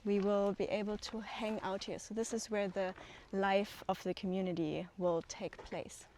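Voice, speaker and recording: A woman's voice: mid-range voice, little pitch movement, normal speed, a little mellow, a little hiss or hum. Enthusiastic woman guiding an outdoor tour. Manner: enthusiastic, with many fillers. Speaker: co-founder giving a land tour. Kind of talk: walking tour chat. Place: outdoors on hillside land.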